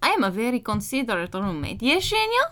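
A woman voicing a cheeky, teasing male hockey roommate with slow, deadpan one-liners. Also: on the high side, full character voice.

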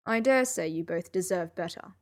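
A woman's voice: fairly low pitch, moderate pace, lightly acted. A woman reading the part of an aloof, brilliant male detective in a dry, clipped, reserved manner. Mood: earnest.

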